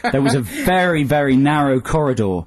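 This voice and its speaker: A man's voice: on the high side, expressive, a little fast, a crowd in the background. A man co-hosting a radio show in a studio, chatty with dry jokes. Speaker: radio co-host. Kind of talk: casual radio banter.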